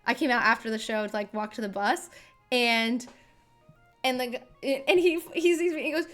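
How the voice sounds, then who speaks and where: A woman's voice: on the high side, moderate pace, a bit bright, soft background music. A young woman, a singer, chatting casually on a live stream into a desk microphone, rambling with lots of filler words.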